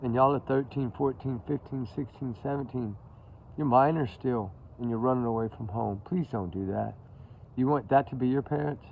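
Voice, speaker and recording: A Texan man hosting a casual outdoor livestream, his drawling talk full of restarts and trailing asides. The sound is thin and phone-like. Steady noise hangs behind his voice. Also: medium pitch, normal speed, gravelly. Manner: drawling, rambling, with many restarts. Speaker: channel host talking about missing-person cases. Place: outdoor backyard by a fire pit. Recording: tinny phone-like audio with background noise.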